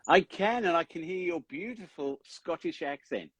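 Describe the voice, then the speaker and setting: A man's voice: on the high side, lively intonation, moderate pace, husky. A man hosting a casual podcast interview, talking in a rambling way and often correcting himself. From Australia. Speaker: podcast host.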